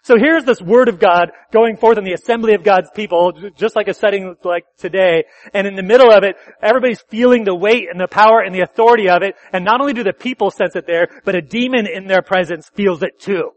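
A pastor preaching a sermon at a church service, talking conversationally, correcting himself and asking the congregation questions. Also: male voice, high voice, fast, hardly any pauses, no echo, highs cut off.

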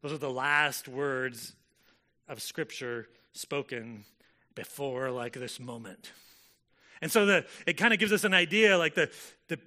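A man's voice: on the high side, pushed and bright. A man preaching a sermon in a conversational way, with frequent fillers and self-corrections as he explains a scripture passage. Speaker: pastor.

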